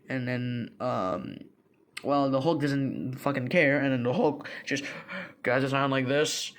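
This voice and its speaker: A man's voice: mid-range voice, measured pace, pushed and bright. A young man casually recapping a comic book, rambling with lots of fillers, restarts and slang.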